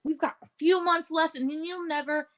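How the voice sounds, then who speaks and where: A woman's voice: high-pitched, fairly even intonation, brisk, fairly bright tone, pitched above the performer's own voice. A woman playing a brash, foul-mouthed teenage punk rocker girl in a tabletop role-play, talking bluntly and mockingly. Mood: fired up. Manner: blunt, swears constantly, mocking. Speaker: player.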